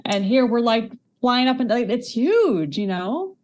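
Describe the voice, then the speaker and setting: A woman cohosting an online aftershow, speaking with eager enthusiasm. Her talk comes in quick bursts, often restarting words mid-thought. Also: on the high side, sing-song, darkish tone. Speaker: podcast cohost. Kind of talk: casual chat.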